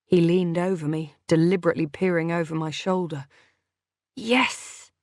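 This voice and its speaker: A woman narrating a first-person thriller audiobook in a measured, unhurried way. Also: on the low side, flat delivery, warm tone, dry recording, studio quality.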